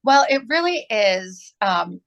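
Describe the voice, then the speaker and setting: A woman's voice: medium pitch, sing-song, slow pace, fairly bright tone, lo-fi sound. A woman in her forties from southern Illinois, answering interview questions earnestly as an arts nonprofit director, with many ums.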